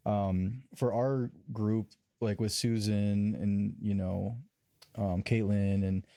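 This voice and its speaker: Man, podcast host, low mellow voice, dry close sound, casual rambling chat. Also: slow, no echo. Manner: relaxed, rambling, many fillers.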